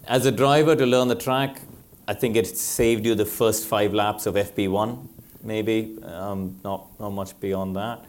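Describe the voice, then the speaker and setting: A man's voice: on the low side, unhurried, a little hiss or hum. A middle-aged man, a former racing driver, telling anecdotes on a live panel and laughing often. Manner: animated storytelling, laughs often.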